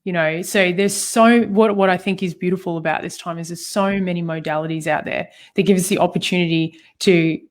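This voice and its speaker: This co-host has a lowish voice and talks briskly with few pauses. She tells animated stories in a personal conversation about healing, using lots of fillers and laughing often.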